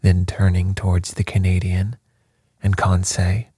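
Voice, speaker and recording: Male audiobook narrator, formal and measured, low and husky, dry booth sound. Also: monotone, dark tone, no room sound. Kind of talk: scripted first-person narration.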